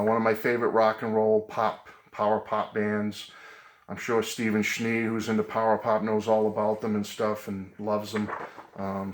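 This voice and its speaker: A man's voice: on the low side, roomy sound. A middle-aged man talking casually and earnestly to his viewers from his music room at home. He rambles a little, with frequent ums and uhs. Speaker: vlogger. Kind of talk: casual tribute vlog.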